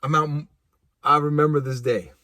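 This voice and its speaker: A man telling a personal story casually, animated and laughing, with vivid sound effects. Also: fairly high pitch, normal speed, no room sound. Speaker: speaker.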